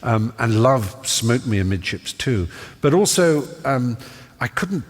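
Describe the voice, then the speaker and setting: A man's voice: mid-range voice, very animated, measured pace, slightly rough. A middle-aged man from Norfolk, a guest telling stories in a live stage interview with ornate, playful wording and many fillers. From Norfolk, England. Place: large theatre stage. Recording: live theatre hall reverb, faint hiss.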